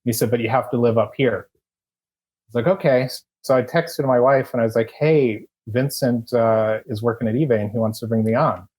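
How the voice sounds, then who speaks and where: A man guesting on a podcast, telling his story in a rambling, relaxed and chatty way. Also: medium pitch, a little fast, husky. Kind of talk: casual storytelling interview.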